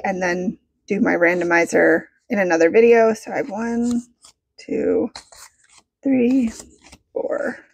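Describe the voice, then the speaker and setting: Bubbly woman vlogger, mid-pitched voice, chatty and excitable while counting money. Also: husky, no echo. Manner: bubbly, excitable, talks to herself as she counts. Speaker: budgeting vlogger. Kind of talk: casual vlog chat while counting cash.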